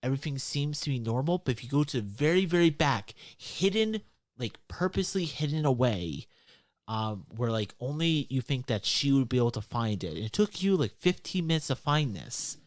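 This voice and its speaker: Chatty game master, animated delivery, dry close mic. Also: medium pitch, normal speed, dry recording. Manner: chatty, filler-heavy narration. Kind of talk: narrating a tabletop game.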